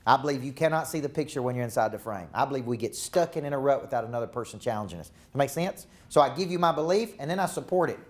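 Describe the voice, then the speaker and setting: A man's voice: mid-range voice, lively intonation, fast talker, few pauses. A man giving a live seminar to managers in an ordinary mid-range voice. He talks emphatically, repeating phrases to rally the room. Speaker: business coach. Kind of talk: live motivational seminar talk.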